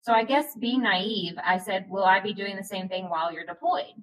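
A woman co-hosting a podcast, reading a forum post aloud in a steady, plain way. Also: medium pitch, normal speed, rough recording. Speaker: podcast co-host.

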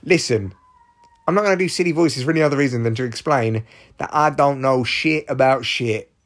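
A man's voice: mid-range voice, brisk. A man in his forties hosting a solo podcast, rambling, self-deprecating and swearing freely. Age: 40s. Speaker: podcast host. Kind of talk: casual solo podcast monologue.

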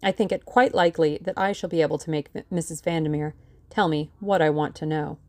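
A woman voicing a shrewd older male lawyer who speaks in a calm, dry, authoritative way. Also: low-pitched, fairly quick, no echo, close to an everyday voice. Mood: measured.

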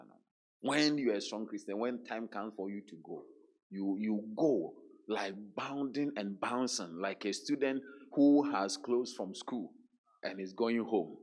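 A man preaching a sermon, emphatic, repeating words and dropping into hushed quotes. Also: medium pitch, expressive, a little slow.

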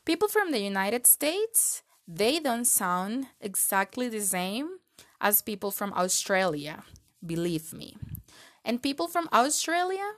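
Slow, expressive woman podcast host. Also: a little high. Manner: earnest and encouraging, posing reflective questions. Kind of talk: scripted podcast monologue.

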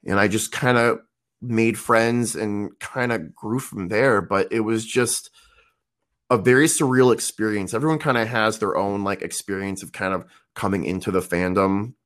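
A man's voice: lowish voice, moderate pace, fairly bright tone. A man in his thirties telling a casual story, rambling with lots of fillers and restarts. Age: 30s. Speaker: podcast guest.

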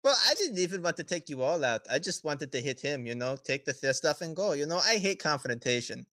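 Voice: medium pitch, very animated, a little fast, a bit bright, no echo, studio quality. A game master voicing a smug, scheming male merchant who keeps saying "you know" and hates confrontation. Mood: wheedling. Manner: glib, wheedling, peppered with "you know".

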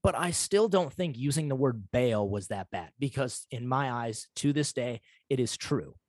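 A man's voice: medium pitch, animated, normal speed, darkish tone, dry recording. A young man hosting a solo podcast, telling a story in a rambling, defensive way full of "like" and "uh". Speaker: podcast host. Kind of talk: casual solo podcast talk.

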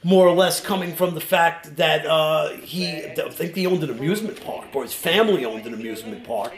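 A man with a New York accent chatting on a film commentary track, halting and restarting often. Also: fairly high pitch. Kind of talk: casual commentary-track chat. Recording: echoey room with faint music.

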